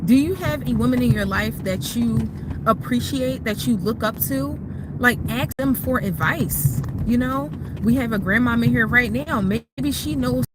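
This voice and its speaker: A woman's voice: on the high side, moderate pace, heavy background noise. A woman talking casually to her livestream viewers from a parked car, giving motherhood advice in an emotional, chatty way. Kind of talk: casual live chat. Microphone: phone.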